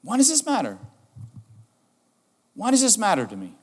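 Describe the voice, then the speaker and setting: A middle-aged man preaching a sermon as pastor, animated and repeating his key questions for emphasis. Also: sits high, moderate pace. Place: church sanctuary. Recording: reverberant church hall.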